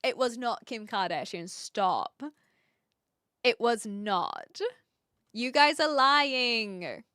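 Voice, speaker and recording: A woman's voice: fairly high pitch, expressive, drawn-out words, sharp tone, clear, resonant tone, dry recording, clean studio sound. A young woman streaming live, chatting casually with her viewers in a scattered way, full of fillers and restarts. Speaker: livestream host. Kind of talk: casual livestream chat with viewers.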